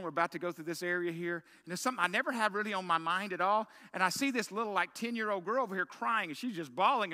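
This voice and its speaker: A middle-aged pastor preaches a sermon, telling a story with self-mocking humor and punchy rhetorical questions. His voice sits high with a sharp tone.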